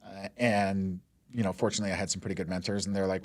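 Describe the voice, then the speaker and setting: A Denver mortgage lender in his forties tells stories as a guest in a casual interview, with a low voice, little pitch movement, and a quick pace. He rambles, leans on "like" and "you know," and laughs easily. The recording has no room sound.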